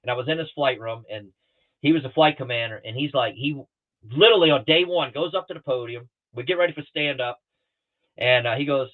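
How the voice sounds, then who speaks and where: A middle-aged man appearing as a guest pilot tells casual stories and acts out other people's lines, heard through tinny, phone-like video call audio. His voice is medium in pitch and a little fast.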